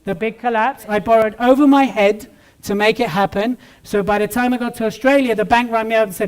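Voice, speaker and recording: A British man giving a lively motivational talk on stage to a live audience, joking with the crowd. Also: sits high, brisk, smooth. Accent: British English. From Britain. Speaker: keynote speaker.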